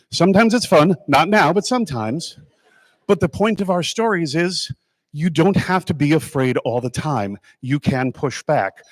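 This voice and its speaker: A man giving a jokey awards ceremony speech as an animated storyteller, with sudden loud bursts. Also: a little high, no room sound, clean studio sound.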